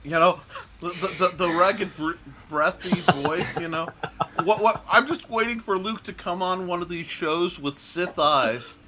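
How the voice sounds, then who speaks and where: Bright-toned chatty Midwestern man. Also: sits high, a little slow, slight background noise. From American Midwest. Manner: rambling, chatty anecdotes with restarts. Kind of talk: casual panel chat.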